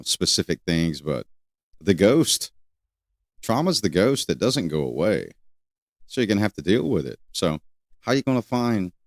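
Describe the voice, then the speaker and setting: An older man hosting a solo talk show, rambling and repeating questions with many pauses. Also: fairly low pitch, dry recording, studio quality. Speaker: host.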